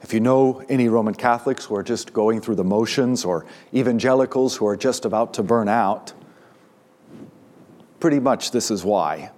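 A man preaching a sermon as a pastor, building to emphatic peaks on key words and dropping low and slow on others. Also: a little mellow.

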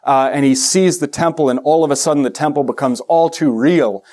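Male pastor, sermon delivery, animated with humorous asides. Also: a little high, fairly quick. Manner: animated, joking asides, acts out quoted voices.

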